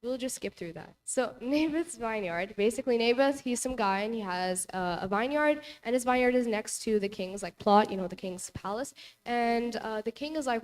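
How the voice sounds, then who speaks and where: A young woman leads a relaxed Bible lesson in a church hall. She retells the story casually, leaning on "like" and "you know" as she goes. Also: a little high, moderate pace. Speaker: Bible study presenter.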